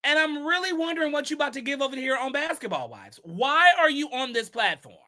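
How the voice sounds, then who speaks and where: A bright, high-pitched man hosts a casual gossip commentary. He reads posts aloud and answers them with sassy, emphatic rhetorical questions. His tone stays sharp and pointed throughout. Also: very animated, a little fast.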